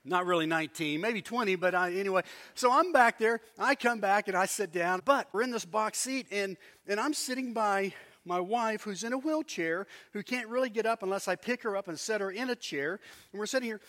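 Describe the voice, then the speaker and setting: Male preacher, middle-aged, high and bright, animated storyteller mid-sermon. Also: fairly quick. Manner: animated storytelling with asides to the congregation. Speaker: pastor.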